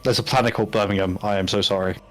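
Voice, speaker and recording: British guy chatting on a stream, curses a lot, laughs, soft music under it. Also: fairly low pitch, fairly even intonation, rapid-fire. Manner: swears freely, laughs often, drops into mock voices. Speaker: painting stream co-host. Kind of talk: casual chat on a live stream.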